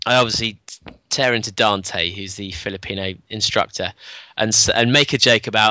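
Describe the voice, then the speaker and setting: A man on a podcast telling a story in casual chat, animated, acting out the dialogue and laughing often. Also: lowish voice, normal speed, hardly any pauses, dry recording.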